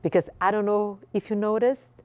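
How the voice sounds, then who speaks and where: A woman's voice: medium pitch, steady tone, moderate pace, a little mellow, clear, resonant tone, dry recording. A woman from Brazil with a Brazilian Portuguese accent, hosting and giving a passionate inspirational speech with repeated phrases for emphasis. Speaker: host.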